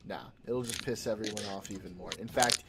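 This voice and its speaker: Man co-host, medium pitch, dry and joking, with hiss behind him. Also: fairly quick. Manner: dry, joking, with many fillers. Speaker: co-host of a livestream. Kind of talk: casual political chat on a stream.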